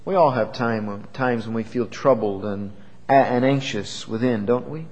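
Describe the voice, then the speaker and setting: A man preaching a sermon in an earnest, measured way, asking his listeners questions. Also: medium pitch, a little mellow, dull audio. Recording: long hall reverb.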